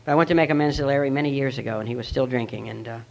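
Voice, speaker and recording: A gravelly, middle-aged man talks through his testimony in an earnest, reflective way. His recording sounds dull and lo-fi, with the voice sitting at a medium pitch. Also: very fast. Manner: earnest, reflective storytelling with plain fillers. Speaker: speaker at a recovery meeting. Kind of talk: personal testimony talk.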